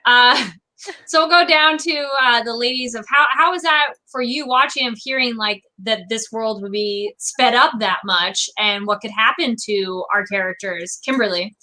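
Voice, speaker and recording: Bright, animated woman hosting. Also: on the high side, moderate pace, rough recording. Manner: animated, acts out characters' lines in quotes. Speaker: host. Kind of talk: casual discussion.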